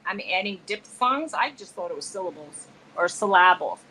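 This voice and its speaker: A woman's voice: medium pitch, animated, moderate pace, sharp tone, slight background noise, rough recording. A woman co-hosting a live show, chatting casually with a friend, laughing easily and playing with how words are said. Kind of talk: casual chat between friends.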